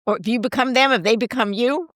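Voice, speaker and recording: A woman's voice: on the high side, quick pace, no echo, studio quality. Woman host telling a story. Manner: anecdotal, asks questions. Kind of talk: casual chat.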